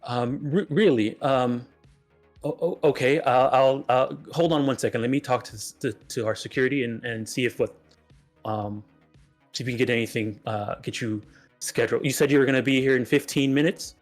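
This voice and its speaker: A fussy, snooty receptionist answering a fancy restaurant's phone line in a tabletop game, played by a man. The voice sits in a middle pitch and stumbles over its words when caught off guard. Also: moderate pace, faint music behind, close to an everyday voice. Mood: flustered.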